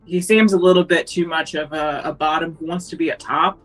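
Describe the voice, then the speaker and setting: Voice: mid-range voice, fairly even intonation, brisk, fairly bright tone, soft background music, low-quality recording. A player at a tabletop game, joking crudely and bluntly. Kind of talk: casual game-table banter.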